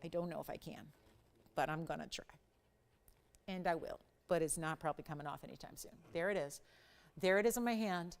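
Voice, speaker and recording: A woman hosting a live shopping channel jewelry show, giving an enthusiastic, chatty sales pitch. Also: fairly quick, vocal fry, long pauses.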